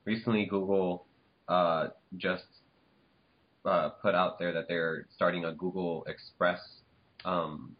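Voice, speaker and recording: A man's voice: deep voice, fairly even intonation, slow. A man explaining something hesitantly in a casual group chat, with many fillers. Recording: dull lo-fi online call audio.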